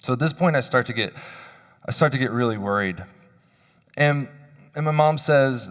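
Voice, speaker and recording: His mid-range, fairly bright voice moves at a moderate pace with frequent pauses. This thirty-something man delivers a chapel sermon in a university hall, recorded with long hall reverb, offering personal anecdotes in a self-deprecating, conversational manner.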